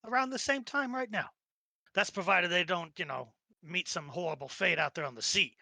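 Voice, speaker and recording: A man's voice: high-pitched, moderate pace, gravelly, bright, forceful tone, dry recording, full character voice. Man doing a chatty Brooklyn dock trader. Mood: gossipy. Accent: Brooklyn (put on). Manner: chatty, laughing often. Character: gossipy male dockside trader, chatty.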